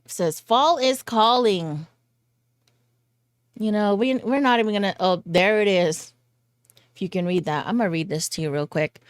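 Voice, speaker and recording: A woman's voice: medium pitch, moderate pace, pauses often, clear, resonant tone, dry recording, studio quality. A woman vlogger chatting casually through a fragrance haul, giggly and chatty with goofy asides. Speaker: beauty vlogger.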